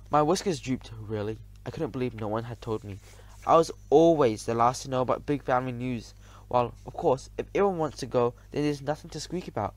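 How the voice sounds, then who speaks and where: A man narrating a children's audiobook in the first person, lively and expressive. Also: mid-range voice, fairly quick.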